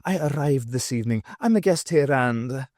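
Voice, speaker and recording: A man voicing a short, intense male stranger with a Scottish accent, a smooth fast-talking bluffer, in an audiobook. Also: medium pitch, expressive, a little mellow, no echo, clean studio sound, natural voice. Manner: smooth, rattling off sentences at great speed.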